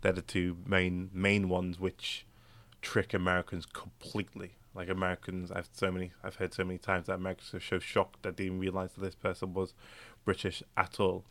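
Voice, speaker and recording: A man's voice: sits low, monotone, brisk, hardly any pauses, a bit bright. A young man co-hosting a podcast, chatting casually and rambling with many fillers and restarts. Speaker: podcast co-host. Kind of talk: casual chat.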